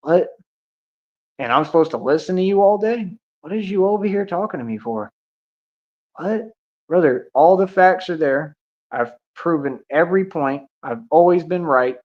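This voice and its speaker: A man's voice: on the high side, lively intonation, normal speed. A man ranting indignantly on a livestream, confrontational and repetitive, recorded with dull lo-fi audio. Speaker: streamer. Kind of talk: livestream rant.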